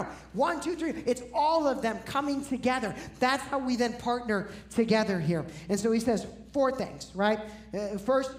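A man's voice: extremely high pitch, echoey room. A male pastor preaching a sermon in a conversational, emphatic way, often checking in with the congregation. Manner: emphatic, conversational, keeps asking "right?"; restarts and stumbles over words when excited.

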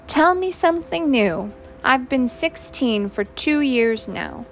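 A woman's voice: sits high, animated, slow, slight background noise, voice pushed up, heavily acted. A woman voicing a sassy, wisecracking teenage girl in a storybook reading. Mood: flippant. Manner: flippant, wisecracking.

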